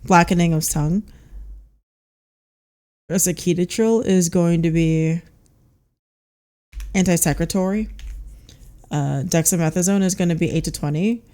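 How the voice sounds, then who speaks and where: A woman with a somewhat low voice reads flashcard answers aloud on a live study stream. She mutters clipped drug facts, stalling on fillers as she works through each card. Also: measured pace, long pauses, mellow.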